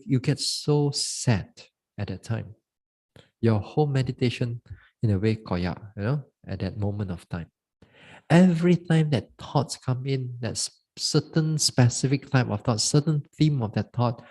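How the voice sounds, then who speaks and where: Monk giving a meditation talk, soft mellow voice, lots of uh and repeats. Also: male voice, mid-range voice. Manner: halting, repeats words, many "uh" fillers. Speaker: Buddhist monk teaching meditation. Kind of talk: dharma talk.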